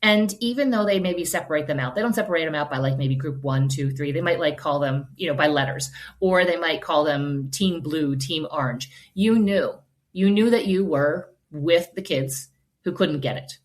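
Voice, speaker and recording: A woman's voice: sits low, moderate pace. A woman in her forties, hosting a homeschool podcast and giving casual advice in an earnest, reassuring, conversational way.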